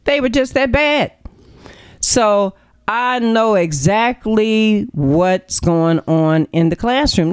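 A woman's voice: mid-range voice, animated, slow, clear, resonant tone, dry recording. A woman hosting a talk radio show, giving opinionated commentary in an emphatic, preachy way full of rhetorical questions.

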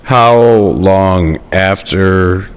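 A man's voice: sits low, extremely slow, smooth. A man hosting a podcast interview, asking probing questions and offering brief affirmations. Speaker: podcast host.

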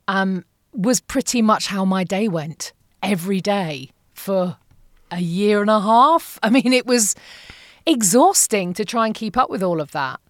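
A woman in her forties, telling her story as a podcast guest in a candid, animated, self-mocking way, with the odd swear word. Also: medium pitch, no echo, studio quality. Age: 40s.

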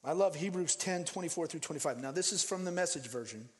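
A man from Denver preaching a sermon in an animated, conversational way, acting out the people he quotes. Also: on the high side, fast talker, big-room sound. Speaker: pastor.

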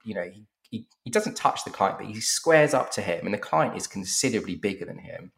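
Man, very low voice, gravelly, casual podcast anecdote, acts out dialogue, echoey room. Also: a little fast. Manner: animated storyteller who acts out other people's lines. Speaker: advertising creative telling a work story.

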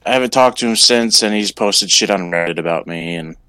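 A man's voice: fairly low pitch, a little fast, pushed and bright, smooth, dry recording, poor audio. A man who streams games, telling a grievance bluntly in casual chat with frequent swearing.

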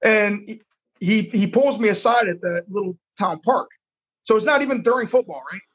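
A middle-aged man with a high voice and a husky edge speaks frankly about his past. He is a football coach telling his life story in conversation. He often repeats words as he goes. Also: moderate pace, fairly bright tone, dull audio. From United States.

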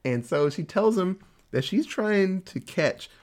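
A man casually recapping a TV episode with a co-host, telling it in an animated way and popping into quick voices for the characters. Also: high voice. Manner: animated storytelling with quick voice switches for quoted characters. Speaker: podcast co-host.

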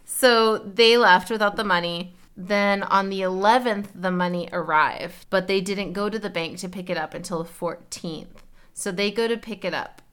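A woman's voice: mid-range voice, normal speed, a bit bright, smooth. Chatty young woman telling a story. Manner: chatty, lots of "like", acts out quotes. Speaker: podcast co-host. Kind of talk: casual storytelling chat.

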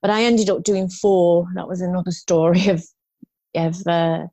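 A woman's voice: on the low side, fairly even intonation, normal speed, dark tone, dry recording. A woman in her fifties, a guest in an interview, telling her story frankly and ramblingly, with restarts and rueful laughs.

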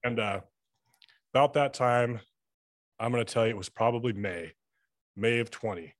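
A man's voice: mid-range voice, moderate pace, no room sound. A man chatting as a podcast guest, telling rambling, profane stories and acting out dialogue. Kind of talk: casual storytelling chat.

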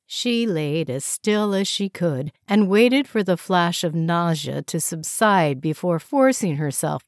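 A woman narrating a novel aloud in a measured, even way. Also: deep voice, dry recording, studio quality. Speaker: audiobook narrator. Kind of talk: scripted narration.

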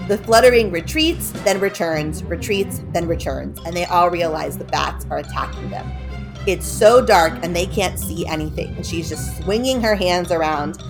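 Female storyteller, lower register, relaxed conversational retelling, light music underneath. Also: moderate pace. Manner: chatty, loose, full of "like" and "kinda".

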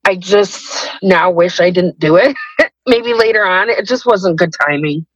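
A woman's voice: on the low side, a little slow, dry recording, muffled recording. A woman telling her personal story as a guest in a podcast interview, hesitant and rambling, with many restarts.

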